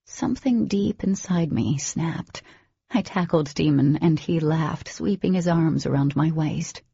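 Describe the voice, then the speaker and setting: Woman narrator, husky and creaky, low voice, dry dull recording. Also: measured pace, mellow, no room sound. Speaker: audiobook narrator. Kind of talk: scripted first-person narration.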